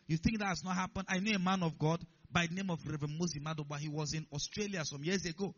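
A man's voice: on the high side, fairly even intonation, fast talker, hardly any pauses. Man preaching an emphatic sermon, lo-fi. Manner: emphatic, rising to loud declarations; rhetorical questions to the congregation.

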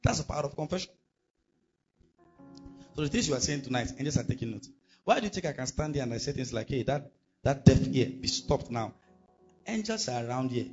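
A man's voice: medium pitch, darkish tone, lo-fi sound. A male pastor, preaching a sermon emphatically and asking the congregation rhetorical questions.

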